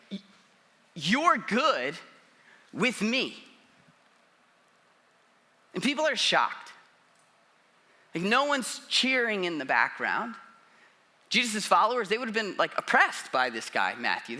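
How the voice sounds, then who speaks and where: A man's voice: high-pitched, bright, forceful tone. A man preaching a sermon in a casual, conversational way, often acting out quotes. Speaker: pastor.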